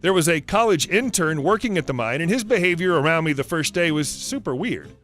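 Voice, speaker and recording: A man narrating online stories aloud with lively, animated delivery. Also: a little high, brisk. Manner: lively storytelling. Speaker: story narrator. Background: faint guitar music.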